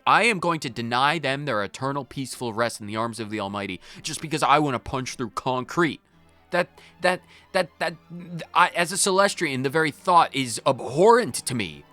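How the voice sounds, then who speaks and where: A man's voice: mid-range voice, sharp tone. A man hosting a game playthrough, commenting in character with a theatrical, wry manner. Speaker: gaming channel host. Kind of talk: role-played game commentary.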